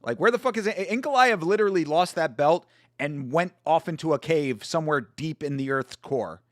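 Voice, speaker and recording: A man's voice: on the high side, normal speed, dry recording, clean studio sound. A man hosting a fight watch-along livestream, chatting casually and rambling with restarts and the odd swear.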